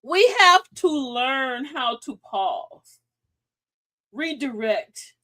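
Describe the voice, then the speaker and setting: A woman's voice: high voice, expressive, very slow, pushed and bright, no echo. A woman hosting a live advice show, sassy and preachy, who laughs often and calls her listeners sis and queen. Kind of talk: livestream advice talk.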